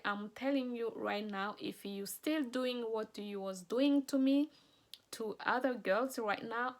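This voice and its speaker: Woman author, kinda high voice, talks slow and earnest, emotional testimony. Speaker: author promoting her books. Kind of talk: personal testimony vlog.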